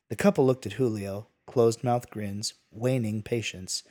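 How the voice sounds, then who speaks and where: A man's voice: lowish voice, steady tone, moderate pace, hardly any pauses, warm tone. A man narrating a western tale in a folksy, casual manner with asides. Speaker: storyteller.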